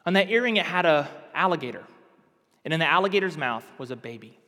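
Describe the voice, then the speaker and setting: A man with a high, bright-pitched voice preaches with fervor, pressing his points hard and climbing to emphatic peaks. His voice carries a long reverb, as if heard in a large hall. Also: expressive, fast talker. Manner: impassioned, rising to emphatic outbursts. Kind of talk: sermon.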